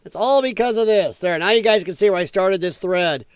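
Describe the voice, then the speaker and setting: Broadcasting from his home with his dog close by, this livestream host from the US Midwest answers viewer comments loudly, cursing freely and laughing a lot. He speaks a little fast in a high register, captured smoothly with no echo.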